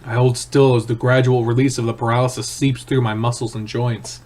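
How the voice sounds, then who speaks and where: A man reading a visual novel aloud in first person, with a hushed, tense, dramatic delivery. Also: medium pitch, flat delivery, brisk. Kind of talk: first-person story narration.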